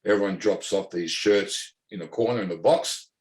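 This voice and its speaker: A former footballer in his forties, speaking with an Australian accent in a low voice at a moderate pace, tells an animated story in conversation over a faint hiss or hum. He acts out what others said and laughs often.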